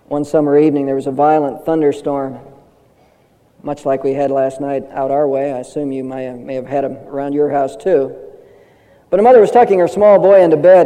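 Earnest older male preacher, high voice. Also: little pitch movement, a little fast, mellow, long reverb tail, rough recording. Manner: earnest, building to emphatic declarations. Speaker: pastor. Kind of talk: sermon.

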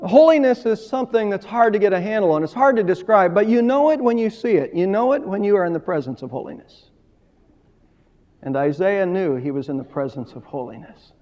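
A man preaching a sermon, his voice high and mellow, swelling emphatically and then dropping low. The sound is dull and lo-fi, with a long reverb trailing through the church hall. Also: animated, fairly quick. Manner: emphatic preaching, rising and falling in volume. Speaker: pastor.

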